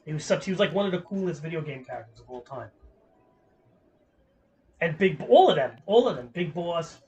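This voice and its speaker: A man's voice: on the high side, very animated, a little fast, a little mellow, slight background noise. A man streaming a game, chatting in a casual, rambling way, swearing freely and filling with "like". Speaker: gaming streamer.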